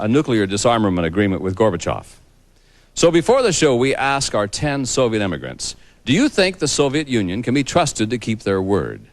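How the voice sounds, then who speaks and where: A man's voice: mid-range voice, dry recording. A middle-aged man hosting a 1980s television game show, upbeat and teasing as he walks a contestant through her winnings. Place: TV studio with live audience. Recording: 1980s TV studio broadcast, audience noise.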